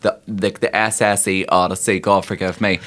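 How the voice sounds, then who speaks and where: A Northern Irish man co-hosting a podcast, chatting in an expressive way and swearing freely. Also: low-pitched, moderate pace. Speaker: podcast co-host. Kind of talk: casual chat.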